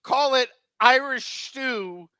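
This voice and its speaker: High-voiced man ranting sarcastically. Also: slow pace, smooth, dry recording. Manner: animated, sarcastic ranting, swears freely. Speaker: sports talk show host. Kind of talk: comedic sports talk rant.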